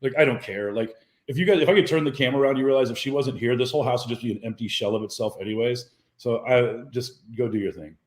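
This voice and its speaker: A man, a real estate agent guest on a video call, speaking in a quick, offhand, opinionated way. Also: medium pitch, roomy sound. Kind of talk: casual video call chat.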